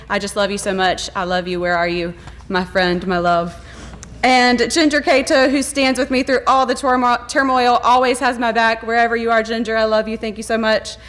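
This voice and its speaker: An elementary school principal, a woman with a fairly high, slightly bright voice, delivers a heartfelt, rambling award acceptance speech to an audience in a gala hall.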